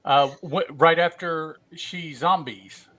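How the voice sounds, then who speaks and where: A man's voice: on the high side, slow pace, fairly bright tone. A man co-hosting a podcast, chatting casually with brief, hesitant interjections. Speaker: podcast co-host. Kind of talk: casual chat.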